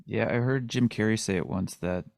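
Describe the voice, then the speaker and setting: A man's voice: on the low side, moderate pace, gravelly, no room sound, clean studio sound. A man hosting a podcast who chats casually and thinks aloud as he goes. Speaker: podcast host. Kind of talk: casual chat.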